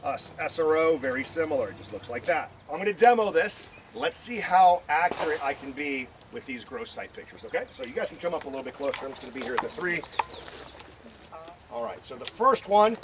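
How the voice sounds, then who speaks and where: A man's voice: fairly high pitch, sing-song, fairly quick. A male firearms instructor teaching a live class at an outdoor range, joking, swearing and quizzing his students as he goes. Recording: noisy outdoor recording.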